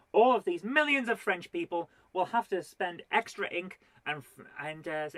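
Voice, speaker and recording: A woman's voice: on the low side, no echo. A woman performing a stand-up comedy routine, full of exasperated rhetorical questions and mock indignation.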